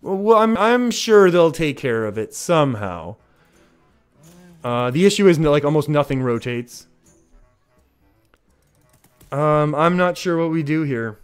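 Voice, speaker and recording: A man streaming a card game, chatting casually with his viewers and reacting with excitement to each play. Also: on the high side, slow, long pauses, smooth. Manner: chatty, reads chat aloud, excitable. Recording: faint music behind.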